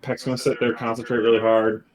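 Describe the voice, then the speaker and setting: A man's voice: mid-range voice, little pitch movement, fast, rough recording. A man playing a tabletop game, talking in a casual, joking way and swearing now and then. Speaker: player.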